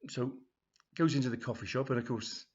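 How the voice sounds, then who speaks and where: A man reading a comic story aloud, rambling and chuckling, with a husky voice. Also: mid-range voice, fairly even intonation, a little fast, darkish tone. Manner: rambling, full of ums and chuckles. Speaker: comedy storyteller. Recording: dull, lo-fi home recording.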